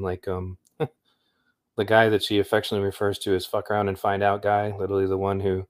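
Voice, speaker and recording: Deep-voiced man hosting a livestream. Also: a little mellow. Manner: rambling, upbeat, chatty with fillers. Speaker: livestream host. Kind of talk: casual livestream chat.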